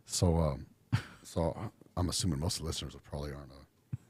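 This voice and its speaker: A man's voice: a bass voice, fairly even intonation, fast, a little mellow, slightly rough. A middle-aged man from Texas, a podcast guest talking casually with a laid-back drawl and lots of fillers. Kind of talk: casual interview chat.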